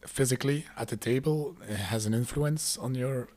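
A man interviewing a guest, asking measured, curious questions. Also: medium pitch, a little mellow.

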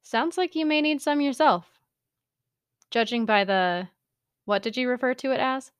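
A woman voicing an excitable young man who blurts things out breathlessly in a story reading. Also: high-pitched, normal speed, smooth, no echo, studio quality, voice pushed up, lightly acted. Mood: teasing. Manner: breathless, loud outbursts.

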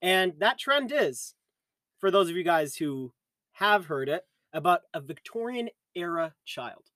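A man's voice: sits high, big pitch swings, measured pace, a bit bright, no room sound. A man co-hosting a podcast in casual chat, joking and teasing as he steers the topic. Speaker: podcast co-host.

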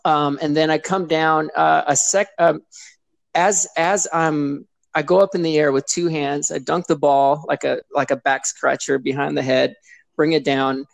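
A man, a guest on a talk show, recounting a past injury in plain, steady speech. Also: a little high, measured pace, creaky, no room sound. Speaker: guest, former mascot performer. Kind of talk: casual interview storytelling.

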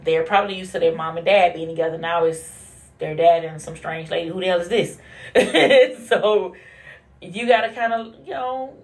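A woman hosting a casual monologue podcast, blunt and profane, who laughs often and swings from low mutters to high bursts. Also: normal speed. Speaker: podcast host.

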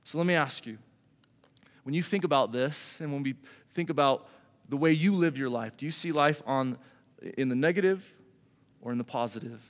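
A man's voice: mid-range voice, moderate pace, long pauses, big-room sound. A pastor giving a sermon to his congregation in an earnest, conversational way, often repeating words as he goes.

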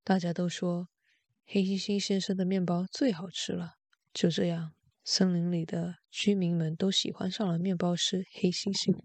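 Gravelly woman reading a bedtime story. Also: lowish voice, flat delivery, moderate pace, a little mellow, no echo. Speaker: storyteller host.

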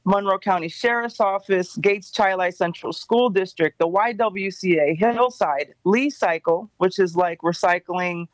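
A woman's voice: medium pitch, measured pace, few pauses, dry recording. Informative woman radio guest, dry sound. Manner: informative, lists details steadily. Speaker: radio show guest, job fair organizer. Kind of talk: casual radio interview.

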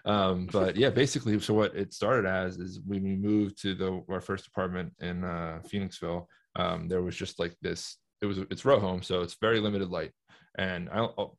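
Man, north jersey accent, very deep voice, easygoing podcast guest. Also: steady tone, fairly quick. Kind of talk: casual chat.

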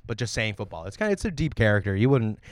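American man, podcast co-host, casual comedic chat, smooth clear voice, dry close sound. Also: lowish voice, big pitch swings, quick pace, dry recording. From United States. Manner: jokey, does silly voices and sings.

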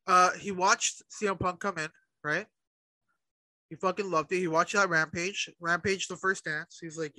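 Male co-host, high bright voice, dry close sound, animated cursing rants. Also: moderate pace, dry recording, poor audio. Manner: animated ranting, heavy swearing. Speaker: podcast co-host. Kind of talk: casual chat.

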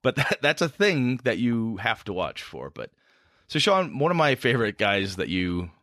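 A man's voice: mid-range voice, sing-song, normal speed, a bit bright, no echo, clean studio sound. A man with a Midwestern American accent hosting a casual podcast chat about running tabletop games, rambling with restarts. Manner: rambling, restarts, frequent laughs. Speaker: podcast host and game master.

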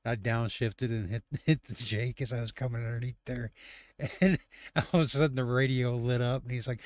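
A man's voice: mid-range voice, fairly even intonation, brisk, darkish tone, no room sound. Laughing, rambling trucker man. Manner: rambling, laughing, profane storyteller. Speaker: truck driver. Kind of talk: casual chat.

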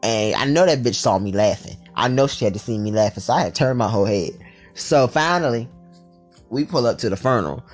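A man telling a storytime tale in a vlog, animated and full of profanity and slang. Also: medium pitch, fairly quick, soft background music.

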